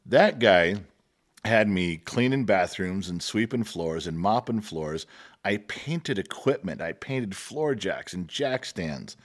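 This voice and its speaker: A man's voice: lowish voice, moderate pace. A middle-aged man telling long work stories into a podcast microphone. He chuckles often and acts out the people he quotes. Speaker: guest. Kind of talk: casual storytelling.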